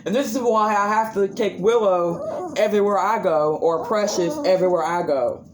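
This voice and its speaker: A woman talking casually to a phone camera at home about her pets, chatty and slow. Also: slight background noise. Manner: slow, chatty, scolding pets in sudden high shouts. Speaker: pet owner vlogger. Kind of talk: casual vlog talk to camera.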